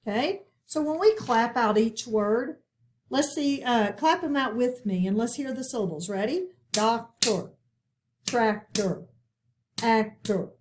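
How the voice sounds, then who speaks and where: A woman's voice: a little high, lively intonation, moderate pace, a little mellow, slight background noise. A woman teaching a recorded phonics lesson, patient and checking in often with her listeners.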